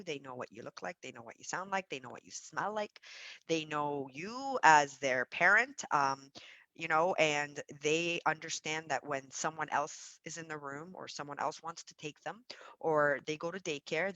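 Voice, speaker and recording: A woman who runs a childcare centre, explaining early childhood development to parents in an animated, emphatic way. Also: low-pitched, moderate pace, dry recording, low-quality recording. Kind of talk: parenting talk to camera.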